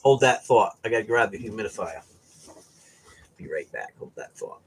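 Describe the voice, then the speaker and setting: A man from the US East Coast, hosting a casual home vlog and telling a story in an animated way, often ending sentences with "right?" or "okay?". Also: fairly low pitch, normal speed, slightly rough. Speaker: vlogger host.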